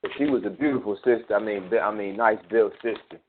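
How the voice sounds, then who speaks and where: A man's voice: on the low side, steady tone, fast talker. A man co-hosting a casual talk show, chiming in with laid-back remarks and quoted scripture. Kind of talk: casual chat. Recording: noisy phone-like line.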